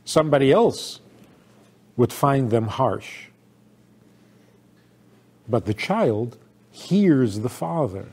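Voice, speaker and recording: A man's voice: medium pitch, expressive, takes it slowly, pauses often, a little mellow, breathy edge. An older man, a rabbi, giving a sermon-style talk with stories, acting out quoted voices and laughing along.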